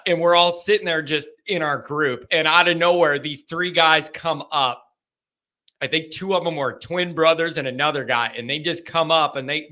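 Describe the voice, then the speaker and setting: Bright, upbeat man hosting a live sports chat. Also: fairly high pitch. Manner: animated, rambling, repeats himself. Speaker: live-stream sports host.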